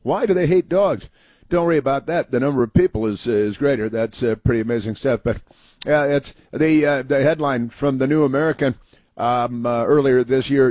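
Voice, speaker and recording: A man hosting a talk show, delivering a sarcastic political commentary monologue, halting often with fillers and restarts. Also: mid-range voice, lively intonation, darkish tone, no room sound.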